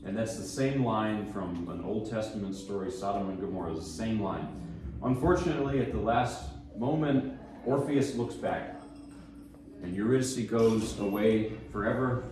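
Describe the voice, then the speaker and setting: A man's voice: fairly low pitch, moderate pace. Easygoing guy chatting about music between piano pieces, mic kinda far off, big echo, some room noise. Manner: relaxed, rambling, self-deprecating, with chuckles. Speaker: pianist giving a lecture recital. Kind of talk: casual spoken introductions between pieces. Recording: echoey room, mic at a distance.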